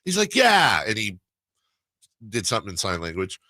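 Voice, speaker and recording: A man's voice: on the low side, wildly swooping pitch, moderate pace, pushed and bright, dry recording. A man hosting a sports radio talk show, telling a rambling story in casual chat with many restarts. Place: radio studio.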